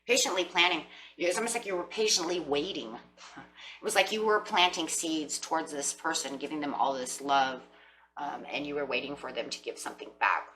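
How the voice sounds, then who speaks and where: A woman's voice: deep voice, normal speed, bright, forceful tone, a little hiss or hum, low-quality recording. A woman giving a tarot reading, speaking straight to her viewers and voicing imagined lines from the people she describes. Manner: speaks directly to viewers, acts out imagined quotes. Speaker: tarot reader.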